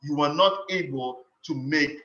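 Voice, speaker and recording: A leadership speaker with a slightly high, pushed and bright voice delivers a motivational teaching talk a little slowly. Earnest and instructive, he often repeats phrases for emphasis. The recording sounds roomy, dull and lo-fi.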